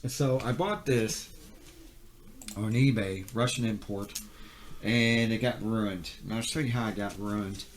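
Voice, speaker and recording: A middle-aged man talks casually in his home office, his voice sitting a little low. He rambles, fills pauses with ums and uhs, and corrects himself as he goes. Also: steady tone, a little hiss or hum. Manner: rambling, many fillers and self-corrections. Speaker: record collector reviewing albums. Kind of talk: casual vlog chat. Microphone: mic on a stand near the camera.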